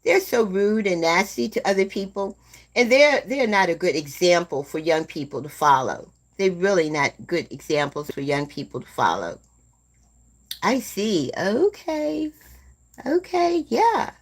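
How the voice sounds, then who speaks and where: A woman in her seventies hosting a live stream, chatting slowly and gently with viewers and calling them "my dear love.". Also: lowish voice, lively intonation. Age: 70s. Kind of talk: casual chat with live viewers.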